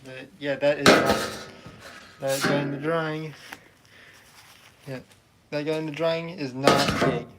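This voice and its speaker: A man's voice: on the high side, level tone, a little slow, long pauses, over loud music. A man chatting casually on a livestream, rambling and swearing freely while talking to his viewers. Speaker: streamer.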